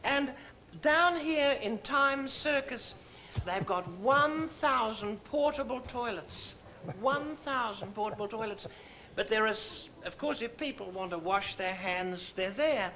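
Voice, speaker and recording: A man's voice: very high voice, expressive, slow, pushed and bright, slight background noise, heavily acted. A man playing a flamboyant, cheeky older female celebrity who teases in an arch comic manner. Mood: mocking. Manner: arch, teasing comic delivery. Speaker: comic guest.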